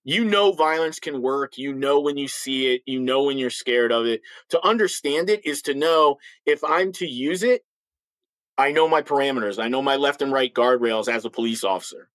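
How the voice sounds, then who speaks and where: A middle-aged man and former police officer, a podcast guest, speaking bluntly and forcefully with frequent restarts. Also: mid-range voice, moderate pace, dry recording, rough recording. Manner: acts out others' voices in stories. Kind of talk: podcast interview talk.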